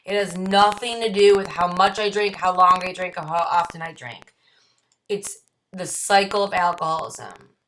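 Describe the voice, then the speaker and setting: A woman with a Midwestern American accent leading a recovery book study, reading passages aloud and explaining them in personal terms, repeating key phrases slowly. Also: lowish voice, a bit bright, slight background noise, poor audio. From United States. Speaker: study group leader.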